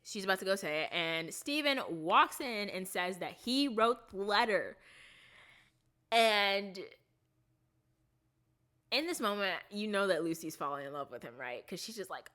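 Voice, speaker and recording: A woman vlogger recapping a TV series in casual, rambling chat, full of fillers and restarts, softening her voice on the sad parts. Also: mid-range voice, expressive, a little slow, long pauses.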